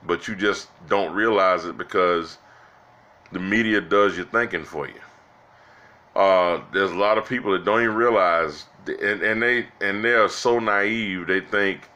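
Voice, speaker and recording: This political vlogger has a low, bright, forceful voice. He rambles through exasperated commentary for his viewers, restarting often and addressing them as "guys" and "y'all."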